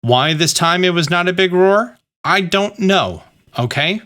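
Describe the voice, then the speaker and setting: A man's voice: high voice, expressive, unhurried, pushed and bright. A man hosting a game guide, explaining steps and growing exasperated as he talks to the creature on screen. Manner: instructive, repeats "okay?". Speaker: gaming guide host. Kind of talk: game commentary walkthrough.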